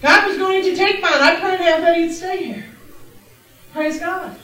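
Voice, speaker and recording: A middle-aged woman preaching a testimony sermon in a church, exuberant and laughing, breaking into shouts of praise. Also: extremely high pitch, measured pace. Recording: very echoey church, distant mic.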